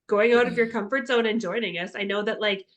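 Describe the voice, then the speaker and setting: A woman's voice: medium pitch, a little fast, dull audio. A woman co-hosting a casual podcast, chatty and rambling, peppering her talk with "like". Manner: chatty, lots of "like" fillers. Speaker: podcast co-host. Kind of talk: casual chat.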